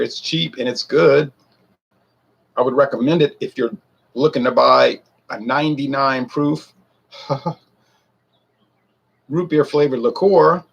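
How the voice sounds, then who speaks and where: A man's voice: medium pitch, vocal fry, slightly rough. A man in his forties who reviews whiskey, rambling and a bit defensive as he talks straight to his viewers. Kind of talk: casual talk to camera.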